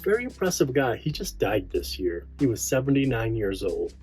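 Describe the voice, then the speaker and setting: A man's voice: medium pitch, normal speed, soft background music. Chatty man hosting a film show. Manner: chatty, rambling, animated. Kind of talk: casual film commentary.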